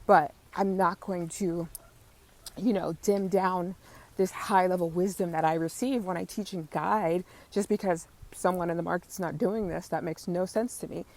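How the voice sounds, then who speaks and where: Effusive woman podcaster walking outdoors. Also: darkish tone. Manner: effusive, swears casually, coos high at cats. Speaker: podcast host, spiritual business coach. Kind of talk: casual motivational monologue. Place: outdoors, walking through a neighborhood.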